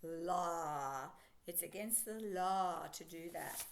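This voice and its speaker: Sounding out letters at an unhurried pace, a woman teaches young children phonics and cheers the listener on. She uses a lilting, sing-song delivery with elongated sounds and an animated pitch.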